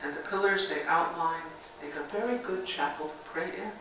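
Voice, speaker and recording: A woman's voice: low voice, a little fast. A woman minister delivers a reflective sermon and guides a call-and-response meditation. Her voice rings through a very echoey sanctuary, picked up from a distance with a faint background hiss. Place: church sanctuary. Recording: very echoey sanctuary, mic far off.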